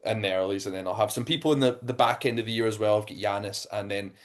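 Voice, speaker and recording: A man's voice: fairly low pitch, steady tone, fast. A man with an Irish accent co-hosting a podcast as a physique coach, speaking hesitantly with many ums and restarts. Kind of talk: casual chat.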